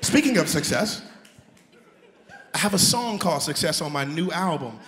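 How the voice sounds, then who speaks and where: High-voiced man chatting from a concert stage. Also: expressive, normal speed, fairly bright tone. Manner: chatty, hypes the crowd, laughs at himself. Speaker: singer performing live. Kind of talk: stage banter between songs. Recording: echoey venue with live band. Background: band music.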